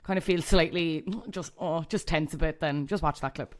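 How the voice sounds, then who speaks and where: A young Irish woman chatting as a podcast guest, gushing, with quick asides. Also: low voice, fairly even intonation. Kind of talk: casual chat.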